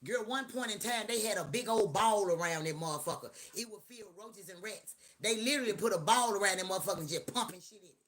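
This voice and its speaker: A middle-aged woman hosting a live stream, talking in a loud, profane, joking rant. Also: mid-range voice, fast, few pauses. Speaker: livestream host. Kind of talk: casual live-stream chat.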